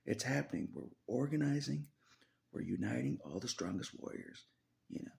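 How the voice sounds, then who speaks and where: A man's voice: medium pitch, animated, moderate pace, gravelly, darkish tone. A man vlogging in a rambling religious monologue, laughing often and dropping into whispers.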